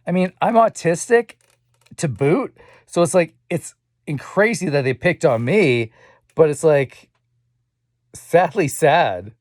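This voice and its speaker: A man's voice: fairly high pitch, animated, a little slow, no echo, studio quality. Rambling, swearing young man. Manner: rambling, profane and repetitive; sighing, muttering asides. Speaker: vlogger. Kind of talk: rambling personal monologue.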